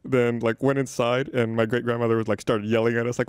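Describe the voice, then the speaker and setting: A man in a relaxed group conversation, spinning a long anecdote full of "like" and "um". His voice sits at an ordinary middle pitch, and the sound is dry and close with almost no room echo. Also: quick pace, hardly any pauses. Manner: rambling, filler-heavy anecdote telling. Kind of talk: casual storytelling chat.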